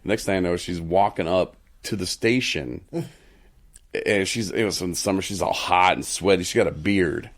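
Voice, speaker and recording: A man hosting a podcast in casual chat, telling stories in an animated way and laughing between lines. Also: deep voice, moderate pace. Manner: animated storyteller, acts out quoted voices. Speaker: podcast host.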